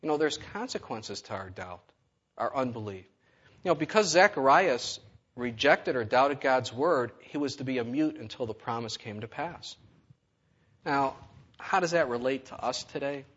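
A man's voice: mid-range voice, lively intonation, moderate pace, a bit bright, lo-fi sound. A man preaching a sermon to his congregation, conversational and full of rhetorical questions. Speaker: pastor.

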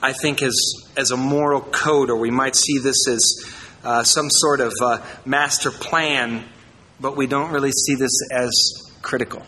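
A pastor from Iowa preaching a sermon, reading verses and adding jokey asides, swinging between loud and quiet. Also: male voice, mid-range voice, fairly even intonation, measured pace, in a large hall, low-quality recording.

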